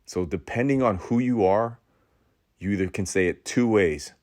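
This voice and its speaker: A male podcast host with a lowish, darkish voice preaches a motivational monologue with a sermon-like cadence, dramatic pauses, repeated phrases, and stammering restarts. The studio sound is clean, with no room sound.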